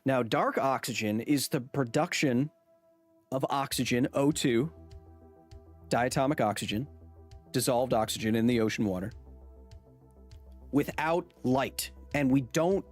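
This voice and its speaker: A man's voice: medium pitch, a little mellow. A man hosting a science livestream, chatting casually and joking with his viewers. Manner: jokey, talks to chat, quick asides.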